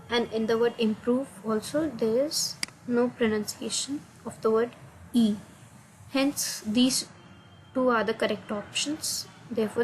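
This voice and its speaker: A woman with an Indian English accent walks through assignment answers, hesitant and filling pauses with "uh". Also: on the high side, a little mellow, a little hiss or hum, poor audio. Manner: hesitant, many uh fillers, non-native grammar. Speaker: student explaining assignment answers. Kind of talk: screen-recorded answer walkthrough.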